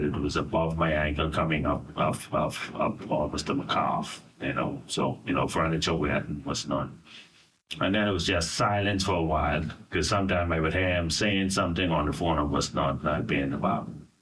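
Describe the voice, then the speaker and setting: A middle-aged Bahamian man recounting a personal ordeal in an interview, halting and full of "you know". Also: a bass voice, a bit bright, a little hiss or hum. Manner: halting, searching for words, frequent "you know". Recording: voice from a distance.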